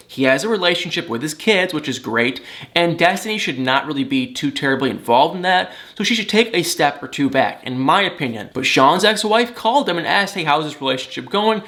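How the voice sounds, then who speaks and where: Bright-voiced man ranting about TV. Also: a little high. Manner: opinionated, exasperated gossiping. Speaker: reality TV commentator. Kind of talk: casual recap vlog.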